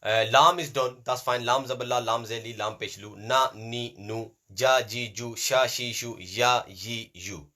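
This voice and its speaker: With a medium-pitched, bright, forceful voice, a male Quran reading teacher runs a class on how to pronounce letters. He keeps a steady tone and a measured pace with hardly any pauses, patiently repeating sounds for drilling and adding short asides in Hindi-Urdu.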